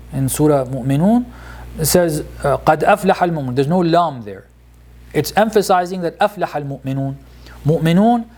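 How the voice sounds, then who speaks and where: A man's voice: a little high, warm tone. Man explaining scripture grammar, hesitant. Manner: explanatory, hesitant, many fillers and restarts. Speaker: Quran teacher. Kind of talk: informal lesson on Quranic grammar.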